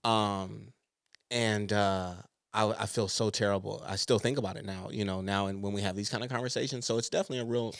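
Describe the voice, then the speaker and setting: A man's voice: fairly low pitch, steady tone, brisk, creaky, clear, resonant tone, dry recording, clean studio sound. A young man co-hosting a podcast, talking bluntly and openly, with frequent swearing, in casual chat. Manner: blunt, profane, confessional. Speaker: podcast co-host.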